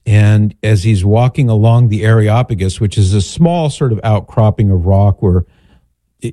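A man's voice: fairly low pitch, warm tone, no echo. A man hosting a talk show, answering a listener's question in a chatty, digressive, storytelling way. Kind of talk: casual radio-style chat.

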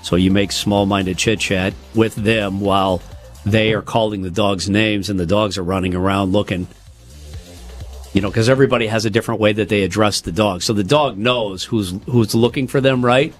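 A man co-hosting a casual morning radio show, reading news items and adding quick asides. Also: on the low side, steady tone, faint music behind. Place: radio studio.

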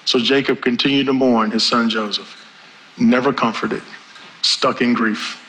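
A middle-aged male pastor preaching a sermon, with big swings in pitch and pace. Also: fairly even intonation, measured pace, a bit bright, low-quality recording.

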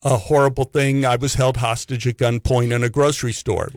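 A man spins a comic anecdote as a guest storyteller, acting out the people in his tale as he goes. His voice sits at an ordinary middle pitch. It is recorded close and dry. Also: steady tone, brisk, no echo. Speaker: actor telling stories as a guest.

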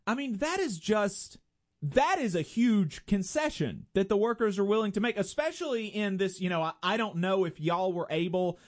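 A man with a notably high voice asks long, winding questions, full of "you know" and restarts. He sounds conversational as the interviewer. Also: animated, normal speed. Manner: rambling, hesitant questions full of fillers.

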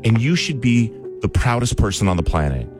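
A man's voice: medium pitch, very animated, fairly quick, over music. A man hosting a radio talk show, telling a personal story in a casual, earnest, joking way.

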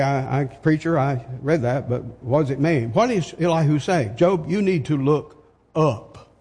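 An older man preaching a sermon, slow and emphatic, firing off rhetorical questions, in a church hall. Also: fairly high pitch, a little mellow. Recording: long hall reverb.

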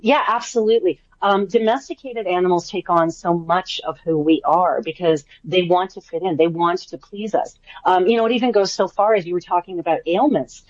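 A woman's voice: fairly low pitch, fairly quick, hardly any pauses, lo-fi sound. A woman who works as an animal communicator, talking chattily and enthusiastically as a guest in a radio interview. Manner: warm, chatty, enthusiastic, many fillers.

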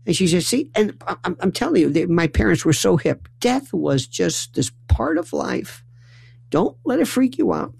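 A man from New York telling a comic family story, acting out voices with stammering restarts and lively swings. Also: high-pitched, normal speed, creaky, slightly rough.

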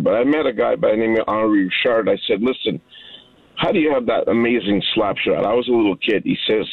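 A man's voice: on the low side, husky, no echo. A man in his fifties calling in to a radio show, telling a heartfelt story with animation. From Canada. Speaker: caller. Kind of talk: phone-in storytelling. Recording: tinny phone line.

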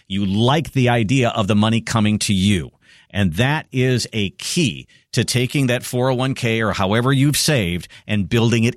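A man's voice: on the low side, no room sound, studio quality. A man hosting a financial radio show, persuasive, talking listeners through retirement money and reading out contact details. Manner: persuasive, repeats phone numbers. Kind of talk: financial radio talk and ad reads.

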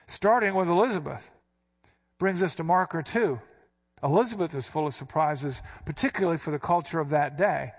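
Pastor, male, a touch high in pitch; expository sermon, explains Greek words, punches the quoted lines. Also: normal speed.

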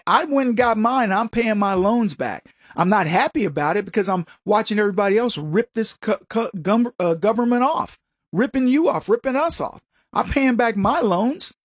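A man's voice: sits high, dry recording, studio quality. A man hosting a political opinion show, talking in a combative, sarcastic monologue and mocking his opponents. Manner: combative, sarcastic, mocks opponents in put-on voices. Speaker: political commentary show host.

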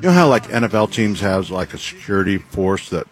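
A man's voice: sits low, very animated, a little fast, soft background music. A man chatting casually as a guest, rambling and trailing off mid-sentence. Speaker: guest, event organizer. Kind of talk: casual on-air chat.

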